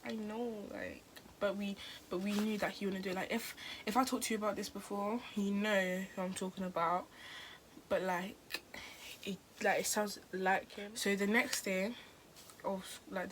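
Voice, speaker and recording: Chatting to camera, a teen vlogger rambles through a casual story, peppering it with "like" and starting sentences over. She speaks at a medium pitch, and there's a bit of background noise.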